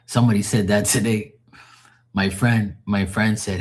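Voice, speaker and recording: A man's voice: fairly low pitch, fairly even intonation, normal speed. A man doing casual chat with his live viewers as a tarot reader, rambling and loose, swearing and laughing often.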